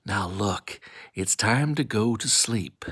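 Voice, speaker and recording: A man reading a bedtime story aloud, lively and playful as he voices a grumpy child. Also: lowish voice, slow, husky, no echo, clean studio sound.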